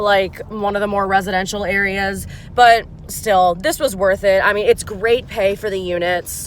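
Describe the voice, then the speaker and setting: A woman in her twenties, chatty and animated, telling a story as a gig-worker vlogger while in her car. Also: mid-range voice, slight background noise. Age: 20s. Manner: chatty, animated, many fillers. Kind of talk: casual storytime vlog.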